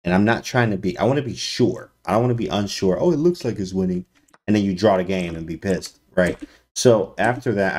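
A man streaming chess analysis to his chat in a casual, slangy way with sudden loud exclamations. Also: low voice. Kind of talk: casual livestream commentary.

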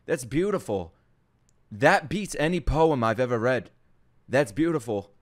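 A man hosting an anime reaction video in casual commentary, swinging between loud outbursts and hushed murmurs. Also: mid-range voice, animated, a little slow. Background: faint anime soundtrack music.

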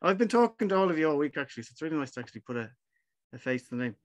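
A man's voice: fairly high pitch, very animated, very fast. A friendly, informal man hosting an online gathering over a video call. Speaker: event host.

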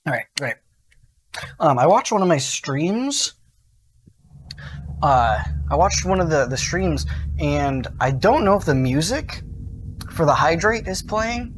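A young adult man with a fairly high voice streams a horror game, speaking slowly with long pauses and wide swings in pitch over a slight hiss or hum. He chats casually with viewers, wanders into rambling asides, and erupts in jumpy, swearing outbursts.

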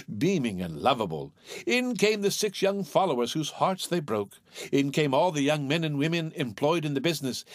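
A male narrator reads a classic tale with theatrical flair. His pitch rises and falls in lively sweeps over a middle register, and the recording is close and dry. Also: no echo. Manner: animated, theatrical. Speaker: audiobook narrator. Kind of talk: expressive audiobook reading.

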